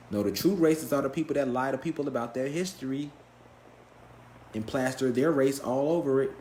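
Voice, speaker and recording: In a lecture room with a live audience, a man gives an emphatic, profane spiritual lecture to a class, firing off rhetorical questions and answering them himself. His voice is on the high side and a little mellow, the sound is reverberant, and there's a little hiss or hum.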